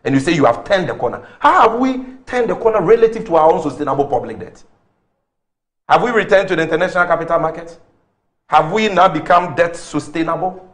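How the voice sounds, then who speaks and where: A man with a Ghanaian English accent arguing politics on a talk show, firing off rhetorical questions and figures. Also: sits high. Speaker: political commentator.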